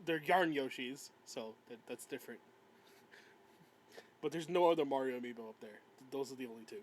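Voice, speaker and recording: A man's voice: medium pitch, fairly quick, a little hiss or hum, rough recording. A man co-hosting a podcast, chatting about games in a rambling way with frequent stammers and giggles. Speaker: podcast co-host. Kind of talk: casual gaming chat.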